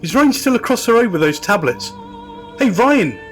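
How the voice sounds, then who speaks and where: A man's voice: sits high, sing-song, normal speed, over music. A man on a comedy podcast, delivering hammy, theatrical sketch lines and banter. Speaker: podcast co-host.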